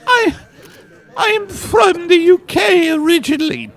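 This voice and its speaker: A man's voice: very high voice, expressive, takes it slowly, creaky, a bit bright, full character voice. A man putting on a prissy mother who fakes a British accent. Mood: affected. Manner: prissy, affected.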